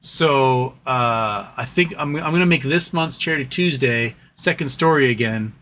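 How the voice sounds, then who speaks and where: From his home office, this livestream host lets off steam with curses and repeated stumbling restarts. He speaks unhurriedly in a medium-pitched, fairly bright voice.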